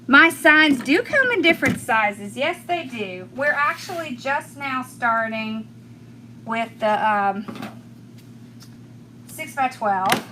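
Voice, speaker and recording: A woman's voice: high voice, sharp tone, a little hiss or hum. A middle-aged woman with a Southern accent from rural Georgia, chatting with viewers as she demonstrates a craft, laughing often and thanking people by name. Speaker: craft tutorial host.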